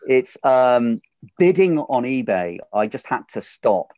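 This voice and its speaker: Animated man, dry close sound. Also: mid-range voice, slow, no room sound. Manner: animated, acts out quoted voices, laughs often. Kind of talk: casual conversation.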